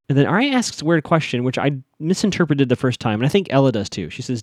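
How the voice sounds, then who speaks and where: Male podcast host, lively swooping delivery, dry close sound, chatty recap. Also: medium pitch, fast talker, few pauses, no echo. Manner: chatty, animated, acts out quotes. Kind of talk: casual recap commentary.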